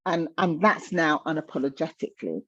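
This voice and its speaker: A woman's voice: deep voice, lively intonation, fairly quick, sharp tone, muffled recording. A woman in her fifties talking candidly in conversation, passionate and emphatic, often repeating words for stress. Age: 50s.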